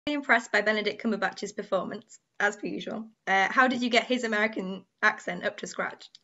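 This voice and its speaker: A woman's voice: medium pitch, fairly quick, sharp tone, lo-fi sound. A woman interviewer asking eager, enthusiastic questions in a press interview.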